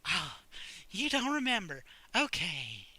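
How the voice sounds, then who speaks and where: A man's voice: sits high, huge pitch swings, sharp tone, no room sound, full character voice. A man voicing a nervous, flustered young woman who stammers and halts. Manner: stammering, halting.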